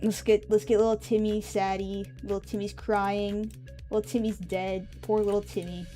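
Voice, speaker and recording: A woman's voice: medium pitch, little pitch movement, moderate pace, dark tone, soft background music. A woman streamer chatting casually on a live stream, rambling and offhand with drifting asides.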